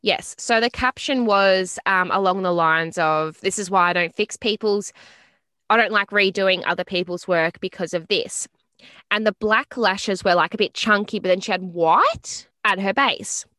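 A woman's voice: mid-range voice, normal speed, pushed and bright, no room sound. This is a young woman chatting on a podcast, giggly and self-mocking, swearing freely as she tells a story. Her voice is dry and close, with no room sound. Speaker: podcast co-host. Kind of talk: casual chat.

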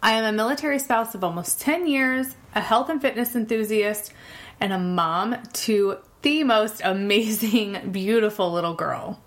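A woman in her thirties hosts a solo podcast in a casual, chatty way. She talks candidly and laughs easily mid-sentence. Her pitch sits in an ordinary middle range. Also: fairly bright tone. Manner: chatty, candid, laughs often while talking. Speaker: podcast host.

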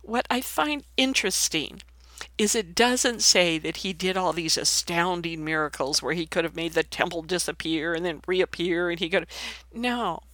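A woman reading a Bible passage aloud, then commenting on it in a conversational, animated sermon style. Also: lowish voice, normal speed, dry recording. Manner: conversational, animated, laughs while teaching. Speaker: Bible teacher.

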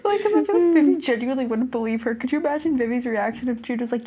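Giggly young woman, high voice. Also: very fast, few pauses, husky. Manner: animated, giggly, acting out dialogue. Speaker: podcast co-host. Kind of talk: casual book chat.

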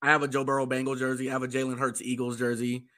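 A hoarse man co-hosting a podcast in casual chat, an excitable sports fan. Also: mid-range voice, rapid-fire. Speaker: podcast co-host.

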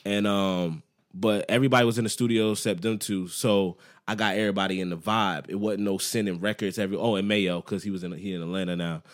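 A man with a fairly low voice talks through his music in a relaxed podcast chat. He rambles, full of slang and side stories, like he is among friends. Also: fast talker. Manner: relaxed, slang-heavy storytelling. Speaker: musician guest.

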